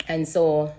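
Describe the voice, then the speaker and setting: A woman's voice: deep voice, darkish tone, breathy edge. A woman giving an earnest, emotional live-stream testimony, repeating herself and holding back tears. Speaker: livestream host.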